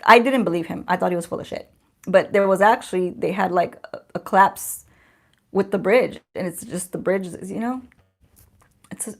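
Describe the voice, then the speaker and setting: On a home livestream for her beauty channel, a woman in her forties chats in a drawl with a medium-pitched voice. She's loose and sarcastic and laughs easily, as though talking among friends.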